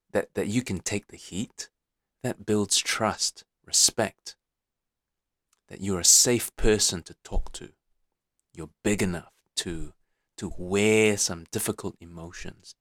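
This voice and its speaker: Low-voiced man coaching on a podcast. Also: a bit bright, dry recording, clean studio sound. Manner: coaching, repeats points, checks in with "okay?"; many fillers and restarts. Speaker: podcast host. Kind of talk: motivational podcast talk.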